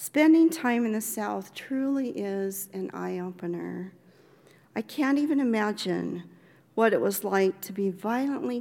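An older woman from Oregon telling a personal memoir story in a gentle, reflective way, with light laughs. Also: mid-range voice, gravelly, long reverb tail. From Oregon, USA.

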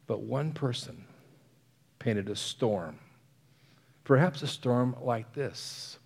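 A man's voice: mid-range voice, expressive, slow pace, creaky, darkish tone, slightly rough, in a large hall. A man preaching a sermon, earnest, often letting phrases fall to a near whisper and chuckling between points.

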